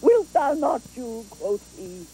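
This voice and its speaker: A woman's voice: high voice, sing-song, takes it slowly, dark tone, slight background noise, exaggerated voice, low-quality recording. An actress playing a garrulous, fond old female nurse in a theatrical Shakespeare performance, rambling and chuckling as she talks. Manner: rambling, chuckling, swooping delivery.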